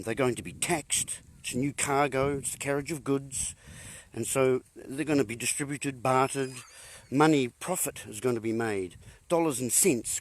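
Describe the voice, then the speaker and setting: A man's voice: medium pitch, slight background noise. A man giving a rambling monologue to viewers, punning as he goes, chuckling at his own jokes and calling his listeners folks. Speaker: host.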